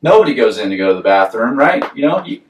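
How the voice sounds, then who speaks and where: A man's voice: mid-range voice, big pitch swings, quick pace, a little hiss or hum. A man with a Southern American accent, co-hosting a podcast and telling a rambling story with frequent laughs. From Southern United States. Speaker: podcast co-host. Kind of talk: casual chat. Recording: roomy echo, far from the mic.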